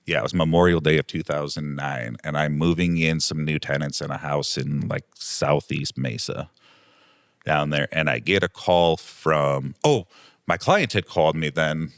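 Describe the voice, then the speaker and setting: A man's voice: extremely low pitch, normal speed, clean tone, no echo, clean studio sound. A man, a property manager guest on an interview show, telling a long anecdote in a rambling way, full of "um" and "like". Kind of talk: casual interview storytelling.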